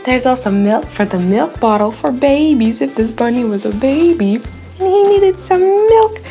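A woman hosting a toddler learning video, speaking in a slow, exaggerated, sing-song teacher voice. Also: a little high, lively intonation, warm tone, faint music behind. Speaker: children's show host.

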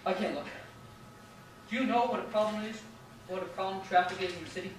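A man's voice: high-pitched, fast talker, slight background noise, natural voice. A young man playing a nervous, blustering city policeman in a school stage play. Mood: flustered. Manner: blustering, flustered, rambling. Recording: echoey stage from far off.

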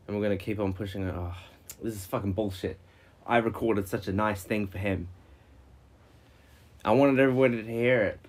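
A man streaming live, ranting in frustration, swearing, and jumping into high-pitched yelling. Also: fairly even intonation, a little fast, long pauses.

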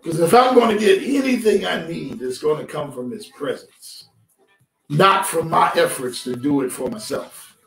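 A pastor preaches a streamed sermon in a church sanctuary, speaking conversationally with his congregation and calling for their responses. His fairly high voice is animated, a bit bright, and has vocal fry, at a moderate pace. The recording is roomy and distant, with music faint in the background.

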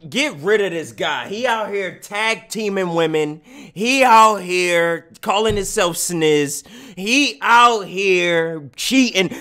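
A young man streaming live and reacting to a dating show, loud and teasing, full of slang. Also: sits high, expressive, slow pace.

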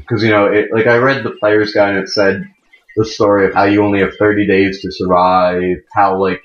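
A young man of about eighteen hosting a let's play, giving chatty, rambling commentary that keeps correcting itself. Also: on the low side. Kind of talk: casual gameplay commentary. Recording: muffled mic in a wrong jack, echoey room. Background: faint game music.

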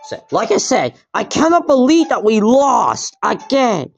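Man shouting as Bowser, raging gravelly turtle king. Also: very high-pitched, huge pitch swings, measured pace, soft background music, pitched above the performer's own voice, heavily acted. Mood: furious. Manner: yelling, sulky and petulant. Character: furious hulking male turtle king villain. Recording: dull lo-fi recording.

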